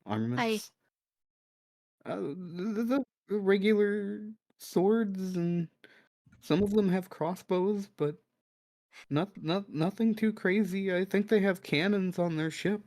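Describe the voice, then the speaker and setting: Man doing a nervous village headman, stammering, hesitant, slightly high, dry close sound. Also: fairly even intonation, slow, a little mellow, no echo.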